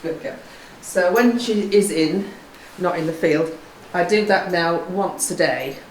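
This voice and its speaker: A woman's voice: lowish voice, measured pace, roomy sound, recorded from a distance, a little hiss or hum, low-quality recording. A woman training her young horse, calling short praise and commands and explaining to the camera. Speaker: horse owner and vlogger. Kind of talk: casual training commentary. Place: stable yard with a horse.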